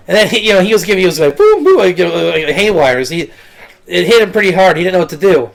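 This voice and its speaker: A man's voice: high-pitched, animated, fast, creaky. A man, a rabbi, giving a casual teaching talk, rambling and repeating words, mixing in Hebrew and Yiddish terms. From Israel.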